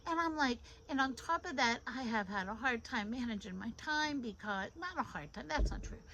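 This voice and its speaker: A middle-aged woman giving an informal devotional talk into a phone. She is animated and repeats phrases for emphasis. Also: on the high side, moderate pace, a little hiss or hum, low-quality recording. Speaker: devotional host.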